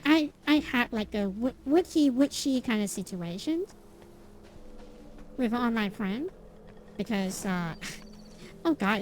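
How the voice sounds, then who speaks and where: Young woman streamer rambling on, kinda high voice, bouncy, puts herself down a lot, faint noise behind. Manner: rambling, self-deprecating, many restarts and fillers; animated, laughs often. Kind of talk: casual chat while gaming.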